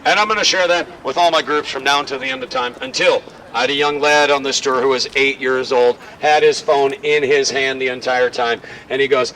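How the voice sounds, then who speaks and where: A man leading a walking tour outdoors, telling stories in a lively, joking way. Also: medium pitch, fairly quick. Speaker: tour guide. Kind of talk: guided walking tour talk. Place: outdoors on a city street. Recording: distant outdoor mic, faint street noise.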